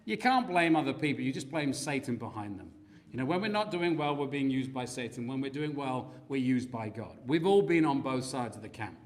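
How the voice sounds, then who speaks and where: A man's voice: mid-range voice, brisk. A man preaching a sermon in a church, telling stories with acted-out quotes. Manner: animated storytelling with acted quotes.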